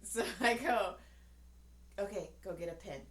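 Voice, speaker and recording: A woman's voice: mid-range voice, a little slow, a bit bright. A woman in her forties, a podcast co-host, tells a story in casual chat, acting out the voices of the people in it and swearing freely. She sounds tired. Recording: echoey room.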